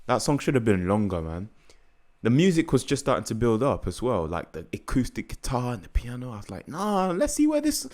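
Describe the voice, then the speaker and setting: A man's voice: fairly low pitch, expressive, brisk, darkish tone. A man hosting a casual album reaction, laid-back and thinking aloud with frequent laughs. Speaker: music reaction host.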